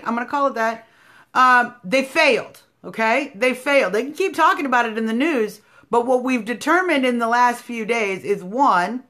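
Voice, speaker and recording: A fiery American woman hosts a live stream from her phone, in her thirties, her voice sitting on the higher side. She talks in opinionated bursts, sarcastic and combative, rising to loud outbursts and then dropping to low, muttered asides. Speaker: political live-stream host.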